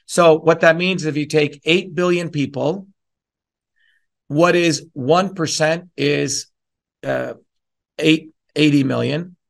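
A man addresses a town hall in a lecture that slides into a heated, profane rant. His voice is gravelly and sits a little high, and he sounds combative and forceful as he drives his points home. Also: steady tone, slow pace, long pauses. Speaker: town hall speaker, presidential candidate. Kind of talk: lecture turning into an angry rant.

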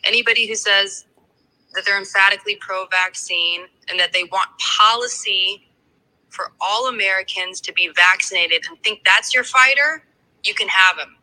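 Indignant bright-voiced woman. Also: mid-range voice, moderate pace, rough recording. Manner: indignant, blunt. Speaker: guest. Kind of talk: heated panel talk.

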